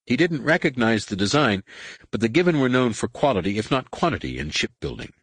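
A man narrating an audiobook with an expressive, varied delivery. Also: medium pitch, fairly quick, husky, dry recording. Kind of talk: scripted narration.

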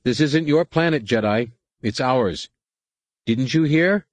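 A man voicing a hostile male alien dockworker who speaks for an angry mob, shouting and defiant. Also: mid-range voice, expressive, slow, no room sound, pitched above the performer's own voice.

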